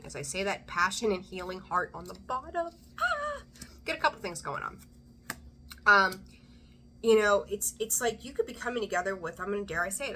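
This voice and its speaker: Chatty excitable woman, bright tone. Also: on the low side, a little hiss or hum. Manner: chatty, rambling, excitable, laughs often. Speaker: tarot reader. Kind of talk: casual tarot reading to camera.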